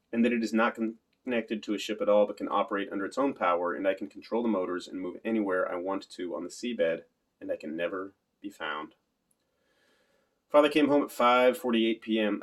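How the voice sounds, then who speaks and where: A man narrating an audiobook in the first person in a literal, matter-of-fact way. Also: lowish voice.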